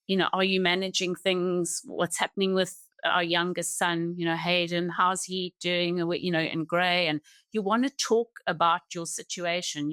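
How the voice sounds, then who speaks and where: A middle-aged woman talks in an earnest, reflective way, often breaking off and starting her sentences again. Her voice sits on the low side for a woman. The sound is dry and close, with no room around it. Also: a bit bright, clear, resonant tone, no echo. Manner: earnest, halting, with many restarts. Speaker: podcast guest. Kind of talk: reflective personal conversation.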